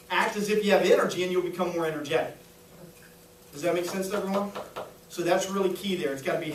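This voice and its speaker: A man's voice: high voice, fast, a bit bright, slight background noise. A man giving a live sales training talk to a small audience in a room, upbeat and coaching, often checking if the room is following. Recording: echoey room, voice a little far.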